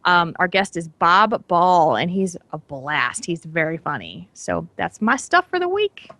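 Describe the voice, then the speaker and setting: A woman's voice: on the low side, big pitch swings, unhurried, fairly bright tone, no room sound. A woman co-hosting a podcast in casual chat, talking with gushing enthusiasm. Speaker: podcast co-host.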